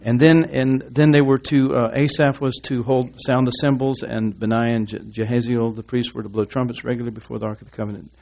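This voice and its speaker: A man's voice: mid-range voice, steady tone, fairly quick, gravelly, hardly any pauses, darkish tone, slight background noise. A man preaching a sermon in a church, rambling and folksy with asides and restarts, reading scripture aloud to his congregation. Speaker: pastor.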